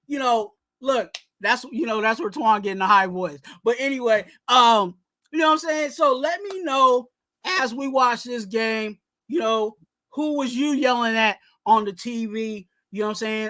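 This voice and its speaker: A man co-hosting a sports podcast, ranting loudly and animatedly, often tossing in "you know what I'm saying.". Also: very high-pitched, normal speed. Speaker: podcast co-host.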